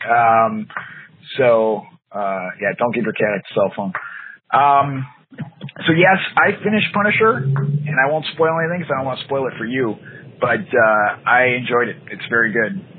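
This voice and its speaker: A man's voice: medium pitch, moderate pace. A man co-hosting a podcast in casual chat, ranting with exasperation about TV shows and slipping into playful voiced quotes. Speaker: podcast co-host. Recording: tinny phone-like sound with faint noise.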